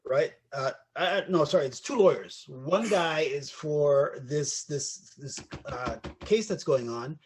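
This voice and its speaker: A man co-hosting a casual podcast, telling a story and acting out the people in it, sometimes shouting their lines. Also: on the high side, unhurried, few pauses, husky. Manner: animated storyteller, acts out voices and shouts. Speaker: podcast co-host.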